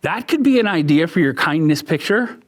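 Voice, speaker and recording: A man's voice: a little high, lively intonation, fairly quick. A man reading as a supportive storybook mom. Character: warm supportive mother.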